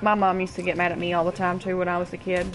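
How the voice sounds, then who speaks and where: A woman's voice: fairly low pitch, monotone, very fast, slight background noise, rough recording. A woman in her twenties with a Kentucky accent, chatting casually and cussing freely while streaming a game and greeting viewers. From Kentucky, USA. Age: 20s. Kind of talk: casual gaming stream chat.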